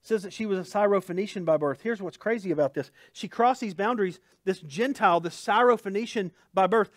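A male pastor giving a conversational sermon, animated and full of asides and jokes. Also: high voice, quick pace, no echo, studio quality. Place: church.

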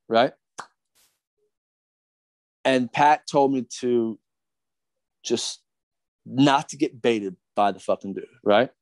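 A man's voice: medium pitch, dry recording. A middle-aged man from Philadelphia, a podcast guest ranting in a profane, agitated, rambling way with many restarts. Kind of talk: heated podcast rant.

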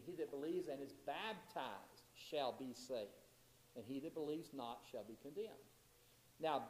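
Guy teaching bible class, kinda high voice, reads verses then explains em, roomy church echo. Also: a little mellow. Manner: reads scripture aloud then explains it, with restarts. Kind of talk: Bible lesson. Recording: echoey church room.

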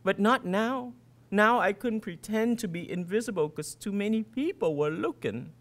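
A man, the author, giving an expressive first-person reading of his fiction in a colloquial storytelling manner. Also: high-pitched, moderate pace.

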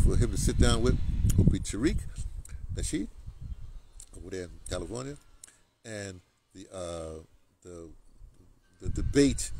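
Male commentator, rambling rant, animated delivery, noisy lo-fi recording. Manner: rambling, repeats words, lively pitch. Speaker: political commentator. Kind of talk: ranting monologue.

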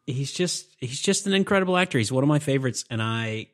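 A man's voice: mid-range voice, animated, fast. A man co-hosting a podcast, talking about a film in an easygoing, casual way. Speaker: podcast co-host. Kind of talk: casual movie chat.

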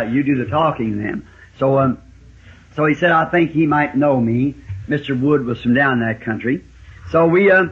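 A man from the States, preaching and telling a folksy hunting story, with sudden high exclamations. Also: husky. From Southern United States. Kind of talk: storytelling sermon. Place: church meeting with a congregation. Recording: lo-fi 1960s live sermon tape.

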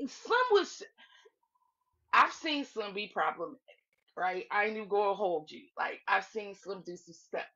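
A woman who comments on livestreams casually recaps some stream drama, performing everyone's lines with big leaps in pitch and lots of laughter. The audio is lo-fi and slightly dull.

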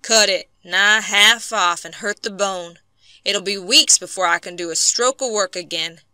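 A woman voicing an injured lumberman, a man down on his luck who speaks gruffly and hopelessly. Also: mid-range voice, unhurried, pushed and bright, no room sound. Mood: weary.

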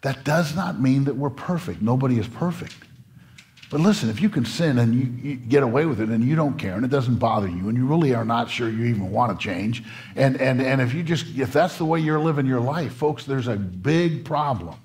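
A man's voice: animated, fairly quick, darkish tone. A male pastor preaching a sermon in a church, earnest, repeating his words and rising as he presses his points. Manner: earnest preaching, repeats words, rises in pitch when stirred. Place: church sanctuary.

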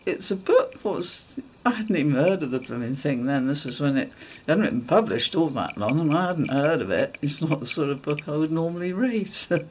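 A woman's voice: sits low, animated, normal speed, a little mellow, a little hiss or hum. A woman telling a funny personal anecdote in a chatty way, often laughing and acting out her own thoughts. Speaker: dog agility vlogger. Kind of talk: casual anecdote.

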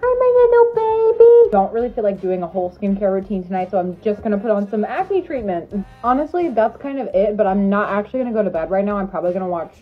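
A woman's voice: medium pitch, fast, phone-quality sound, faint music behind. A young woman influencer casually narrating a vlog in a chatty, self-mocking way.

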